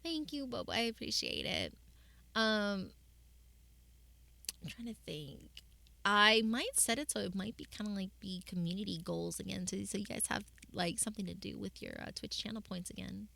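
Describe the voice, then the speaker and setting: A woman's voice: medium pitch, big pitch swings, moderate pace, gravelly, pushed and bright. A young woman streamer chatting casually with her viewers, rambling with lots of fillers and restarts.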